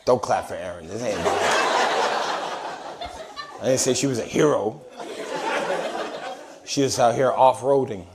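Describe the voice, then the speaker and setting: A man doing crowd-work stand-up on a comedy club stage, brash and teasing, with loud bursts and mock apologies. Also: medium pitch, normal speed, long pauses, very noisy. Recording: live club recording, audience laughter.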